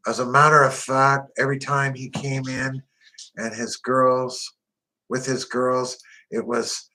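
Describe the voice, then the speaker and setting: A man's voice: mid-range voice, flat delivery, slow, pushed and bright, poor audio. A man narrating a first-person crime memoir in a blunt, profane, tough-guy way.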